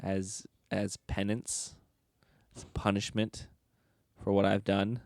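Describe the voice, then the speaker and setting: A man's voice: on the low side, monotone, slow pace, a little mellow, no echo, studio quality. A young man hosting a solo podcast from his bedroom, talking into a microphone in a joking, rambling, self-mocking way. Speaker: podcast host. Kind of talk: casual solo podcast chat. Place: bedroom at home.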